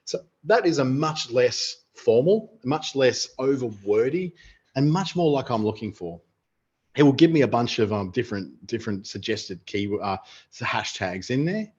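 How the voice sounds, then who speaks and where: This casual live software demo features an Australian man presenting a writing tool in an online webinar, thinking aloud as he chats. His medium-pitched voice is a little mellow and husky, with lively intonation and a measured pace, heard through dull lo-fi audio.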